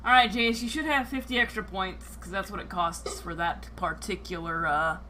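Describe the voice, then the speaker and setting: Woman GM host, bright tense tone, loose and profane. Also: medium pitch, normal speed, a little hiss or hum. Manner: filler-heavy, joking, swears freely. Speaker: game master and streamer. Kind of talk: casual live-stream chat.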